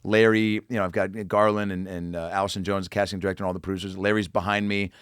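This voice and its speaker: A man chatting as a guest comedian, rattling off stories at a quick clip and acting out the people in them. His voice sits fairly low, and the sound is dry and close to the mic. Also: clean tone, no echo. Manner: rambling, animated, full of fillers and acted-out quotes. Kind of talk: casual storytelling chat.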